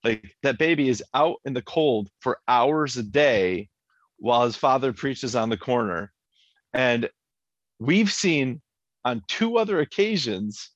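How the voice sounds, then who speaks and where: Podcast co-host, man, lively recap talk, dry and slightly muffled sound. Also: mid-range voice, slow pace, dry recording. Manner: animated, laughs often, acts out quotes. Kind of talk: casual chat recapping a TV episode.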